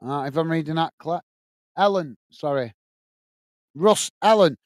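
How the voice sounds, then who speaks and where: A man's voice: a little high, unhurried, long pauses, no room sound, studio quality. A man from England hosting a live football watch-along, commentating on play and reading out viewers' messages in a chatty, friendly way. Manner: chatty, thanks viewers by name, calls them mate.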